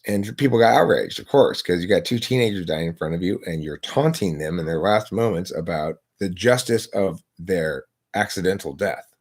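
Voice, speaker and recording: His voice is deep, and he keeps a moderate pace with barely a pause. Into a laptop, this man hosts a live stream of casual philosophical debate, lecturing his arguments and asking himself rhetorical questions.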